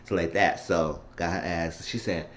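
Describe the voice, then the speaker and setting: A man's voice: low voice, steady tone, normal speed, a bit bright. A man casually recapping a TV episode in a rambling, profane way, often slipping into the characters' lines. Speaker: TV recap reviewer. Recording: slightly dull lo-fi recording.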